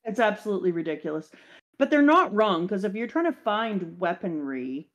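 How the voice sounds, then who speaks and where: A woman hosting a casual talk show, recapping an anime episode in lively chat and briefly acting out the characters' lines. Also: mid-range voice, moderate pace. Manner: animated, acts out character lines. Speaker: podcast host.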